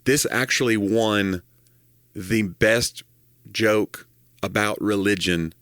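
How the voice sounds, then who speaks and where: A man's voice: fairly low pitch, slow, a bit bright, dry recording, studio quality. A man in his fifties, a podcast co-host chatting casually and telling jokes with a laugh. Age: 50s. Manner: laughing storyteller who tells jokes. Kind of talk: casual chat.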